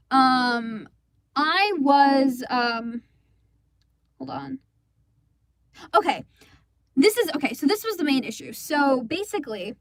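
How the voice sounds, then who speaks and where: A high-pitched, indignant teenage girl, voiced by a woman rambles through her storytime with exasperation and frequent swearing. The sound is close and dry, like a home booth for a fan comic dub. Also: no echo. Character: indignant teenage girl recounting a school play disaster.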